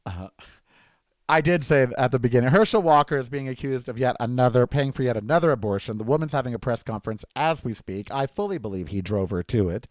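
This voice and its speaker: A talk show host in the Desert Breeze area of Southern California delivers a rambling political monologue, drifting between sarcastic rants and personal stories. His mid-range voice is animated and quick, with no echo.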